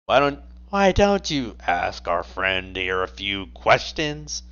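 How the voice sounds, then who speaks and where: A composed archangel, voiced by a man running a tabletop game who speaks slowly and deliberately. His delivery is unhurried and self-assured. The recording is dull and lo-fi. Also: fairly low pitch, very animated, a bit bright, clear, resonant tone, voice pushed down, exaggerated voice. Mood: prompting. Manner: slow and deliberate.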